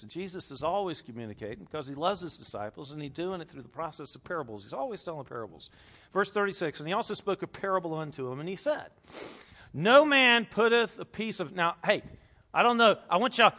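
A male pastor delivers a lively sermon. His voice sits a little high and rings bright and forceful. He reads scripture with strong emphasis and puts questions to the congregation.

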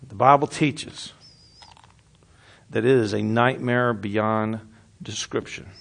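A man preaching a sermon in an earnest way, rising to loud emphasis and then dropping to a hushed, quiet voice. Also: lowish voice, slow pace, creaky. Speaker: pastor.

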